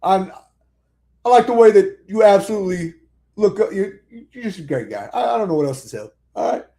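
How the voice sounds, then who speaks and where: A man's voice: sits high, lively intonation, fairly quick, mellow. A man co-hosting a casual sports chat, barking orders at players in a mock drill-sergeant manner. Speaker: podcast co-host.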